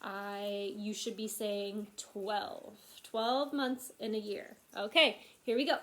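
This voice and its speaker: A woman teacher reads a picture book aloud to young children, with a slightly high voice. She keeps it expressive and often stops to put questions to the kids. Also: takes it slowly.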